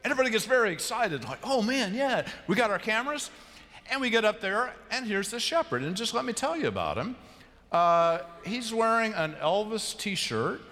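A high-pitched pastor preaches at normal speed in a large church sanctuary, with long reverb and a little hiss or hum. His sermon is animated storytelling with humor, acting out quotes and even sheep bleats.

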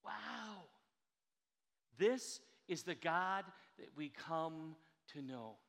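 A fairly high-voiced man preaches with earnest emphasis. He leans hard on key words and draws them out slowly. His voice rings with the long reverb of a large hall. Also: lively intonation, vocal fry, fairly bright tone. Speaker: pastor. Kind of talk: sermon.

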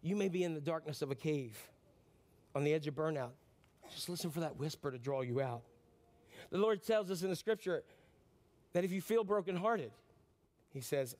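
A man preaching a sermon, animated, swinging from loud bursts to near-whispers and asking the congregation questions that he answers himself. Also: fairly high pitch, moderate pace, pauses often. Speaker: pastor.

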